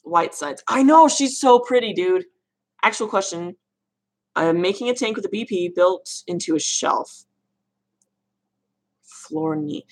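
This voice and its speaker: Woman rambling thru live chat q's, lowish voice that swoops around a lot. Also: animated, measured pace, long pauses. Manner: chatty, rambling, laughs at her own mispronunciations. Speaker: reptile keeper answering live chat questions. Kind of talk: casual livestream chat.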